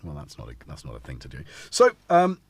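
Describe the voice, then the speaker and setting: Rambling northern English man, husky voice. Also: extremely low pitch, wildly swooping pitch, brisk. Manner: rambling, chatty and self-deprecating. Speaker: host. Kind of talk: casual live-stream chat.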